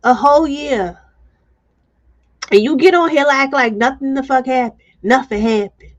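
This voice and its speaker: A woman's voice: high-pitched, moderate pace. A woman hosting a live stream, talking bluntly and emotionally and reading viewer comments aloud. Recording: dull lo-fi stream audio.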